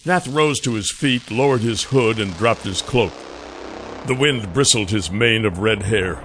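A man narrating a fantasy audiobook in a measured, expressive storytelling manner. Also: lowish voice, background noise.

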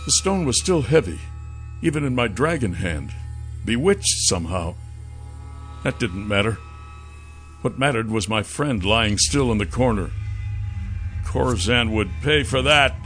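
A male narrator reads a first-person fantasy story in a dramatic, expressive way, taking his time. His tone is bright and clear at a middle pitch, and soft music plays under him. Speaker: audiobook narrator.

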